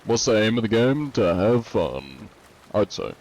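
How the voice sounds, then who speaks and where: A young adult man streams a game and casually answers viewers' questions from chat in a laid-back, rambling way. His lowish, darkish voice swings widely in pitch and moves a little slowly. The recording is rough.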